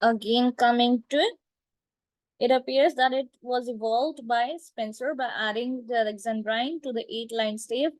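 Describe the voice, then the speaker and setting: A woman teaching literature terms, repeating each point slowly and checking with "right?" and "clear?". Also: fairly high pitch, steady tone, no room sound, poor audio. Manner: slow, repetitive, checks understanding with "right?" and "clear?". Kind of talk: classroom lecture.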